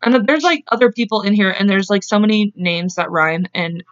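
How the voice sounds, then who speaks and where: A woman's voice: medium pitch, brisk, dry recording, highs cut off. A woman hosting a podcast, telling a true story in a casual, chatty way, with frequent swearing and laughing asides. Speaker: podcast host.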